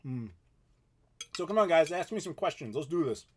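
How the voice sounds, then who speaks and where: A man's voice: fairly high pitch, animated, normal speed, husky. A man in his thirties hosting a casual live question-and-answer stream from home. He talks in an easygoing, chatty way and laughs often. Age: 30s. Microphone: desk mic in front of him.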